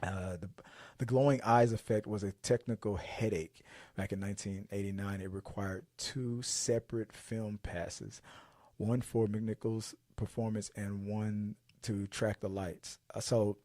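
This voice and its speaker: A man's voice: lowish voice, steady tone, a little slow, dark tone, no room sound, clean studio sound. A man hosting a podcast, chatting casually about movies, rambling and restarting his sentences and acting out scenes as he goes. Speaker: podcast host.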